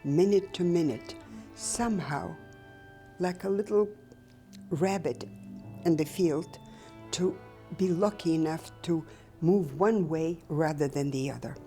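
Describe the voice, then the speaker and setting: Older woman, low mellow voice, slow reflective testimony, halting pauses, faint music behind. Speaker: Holocaust survivor giving testimony. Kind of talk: personal testimony, recounted memories.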